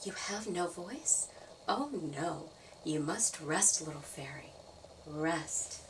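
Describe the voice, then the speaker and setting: Lady putting on a deep-ish old grandpa tree voice, slow and soft, storybook, bit far from the mic. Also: background noise. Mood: concerned. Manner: slow, low, hushed and gentle. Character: wise old male grandfather tree spirit.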